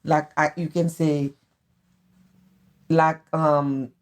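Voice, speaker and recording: A middle-aged Haitian woman with a Haitian accent, talking earnestly and haltingly as a guest in a family interview. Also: low voice, level tone. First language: Haitian Creole. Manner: earnest, halting, repeats phrases. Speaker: guest, host's mother.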